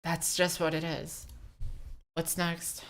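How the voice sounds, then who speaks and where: Low-voiced woman joking profanely. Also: completely flat delivery, slow. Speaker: podcast co-host. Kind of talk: casual chat.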